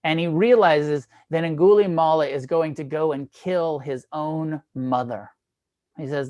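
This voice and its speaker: A man's voice: on the high side, a little slow. Male meditation teacher retelling a story casually, irreverent, laughs often, swears freely. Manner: casual and irreverent, with profanity and fillers; animated retelling with frequent laughs. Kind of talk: dharma talk storytelling.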